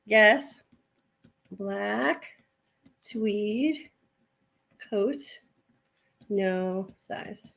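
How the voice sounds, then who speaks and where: A woman's voice: mid-range voice, extremely slow, vocal fry, long pauses, fairly bright tone. A woman hosting a casual live stream at home, chatting in a rambling way with many fillers while she sorts clothes to resell. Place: at home, sorting a pile of clothes.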